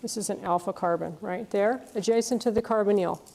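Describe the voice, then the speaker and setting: A woman's voice: medium pitch, fairly quick, gravelly, warm tone. A woman giving a university chemistry lecture, explaining step by step and often checking in with "okay?" and "right?".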